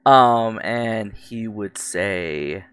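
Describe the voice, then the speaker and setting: A man playing a tabletop game, excitable and swearing, with frequent laughs. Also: fairly low pitch, extremely slow, smooth, no echo, clean studio sound. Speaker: player. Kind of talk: casual tabletop play.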